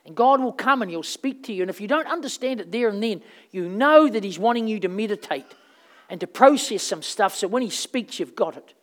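Rambling, animated woman preacher. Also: mid-range voice, a little fast. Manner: conversational, rambling storytelling with fillers; animated, swings between loud and soft. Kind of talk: sermon.

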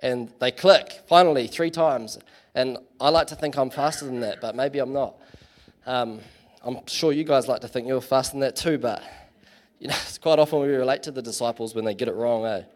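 A man's voice: mid-range voice, normal speed. A man giving a casual, chatty sermon in church, full of fillers and self-deprecating asides. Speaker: preacher.

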